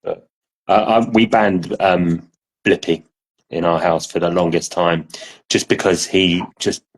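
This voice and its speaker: A man's voice: low voice, steady tone, unhurried, breathy edge, low-quality recording. A man chatting casually on a podcast, telling blunt, wry stories. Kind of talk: casual chat.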